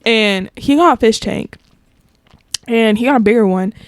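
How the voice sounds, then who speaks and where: A woman's voice: fairly high pitch, moderate pace, no echo. A young woman co-hosting a casual podcast, telling family stories in a chatty, giggly way with lots of fillers. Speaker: podcast co-host. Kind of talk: casual chat.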